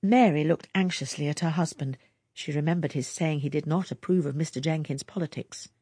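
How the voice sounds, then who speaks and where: A woman narrating a story aloud in a lively storytelling manner. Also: low voice, fairly quick, breathy edge, no room sound. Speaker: audiobook reader. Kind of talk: scripted narration.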